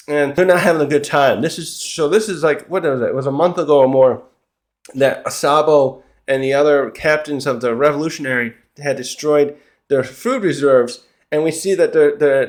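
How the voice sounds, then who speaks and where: A man with a slightly higher voice talks through a comic chapter in a loose, chatty way. He stumbles and restarts often and chuckles to himself as he goes. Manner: rambling, with frequent restarts and chuckles. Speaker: manga reviewer. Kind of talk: casual chapter recap.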